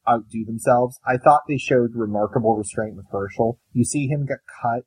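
A man co-hosting a casual podcast chat, telling animated stories and acting out what his wife says. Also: medium pitch, normal speed, husky, poor audio. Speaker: podcast co-host.

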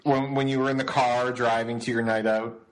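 A man's voice: mid-range voice, little pitch movement, normal speed, a crowd in the background, rough recording. A man co-hosting a podcast, teasing and prompting a friend to tell a story in casual chat. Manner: teasing, laughs easily. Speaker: podcast co-host.

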